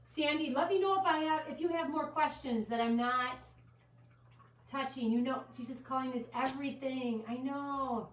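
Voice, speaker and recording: A woman's voice: high voice, moderate pace, roomy sound, recorded from a distance, poor audio. Chatty giggly woman selling in her shop. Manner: chatty, giggly, goes off on tangents. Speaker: gift shop owner hosting a live sale. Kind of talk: casual live-stream product showcase. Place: inside a small gift shop with a trickling fountain.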